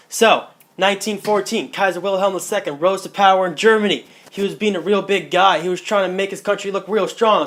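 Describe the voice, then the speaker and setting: A young man with a high voice rattles through a casual history summary for class. His talk is slangy and jokey, full of restarts and quick self-corrections. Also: a bit bright. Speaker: student presenter.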